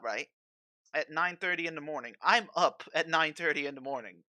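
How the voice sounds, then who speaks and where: A man's voice: on the high side, a little fast, pushed and bright. A young man streaming games at home, ranting to his chat in a restless, profane way and often trailing off to restart. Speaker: game streamer.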